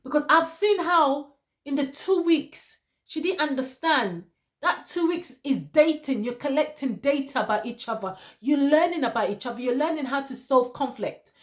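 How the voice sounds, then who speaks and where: A woman with a high voice talks straight at a reality-show contestant as if giving her advice. She hammers her points home by repeating the same phrase again and again. Her tone is opinionated and direct, like a stern talking-to. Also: animated, normal speed. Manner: lecturing, repeats phrases for emphasis, addresses the cast member directly. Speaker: TV show reviewer.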